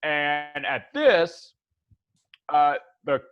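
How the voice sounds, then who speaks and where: A man narrates a tabletop game as game master in a fairly high voice, rambling loosely through his descriptions. The sound is dull and lo-fi. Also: animated, very slow, smooth. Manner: rambling, many fillers and restarts. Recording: dull lo-fi recording.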